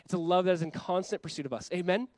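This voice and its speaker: A young adult man preaching a sermon as pastor, impassioned and often voicing God in quick quoted asides. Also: high voice, dry recording.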